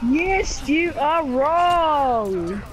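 A woman's voice: sits high, lively intonation, very slow, over loud music. A woman chatting casually over gameplay, playful and teasing, often giggling.

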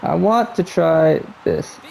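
A man's voice: a little high, slow pace, creaky, a little mellow. A man chatting casually and swearing freely as he plays and reacts to a hockey video game. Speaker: gaming streamer. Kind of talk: casual gameplay commentary.

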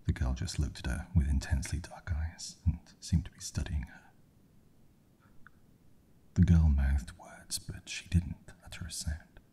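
A man whispering a bedtime horror story in a slow, hushed ASMR reading. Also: very deep voice, fairly even intonation, slightly rough.

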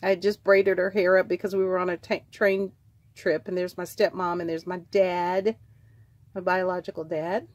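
A middle-aged woman in casual show-and-tell chat, rambling warmly and drifting into tangents. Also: on the low side, little pitch movement, moderate pace, dry recording. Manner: chatty, rambling, trails off into tangents. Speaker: vlogger selling vintage craft supplies.

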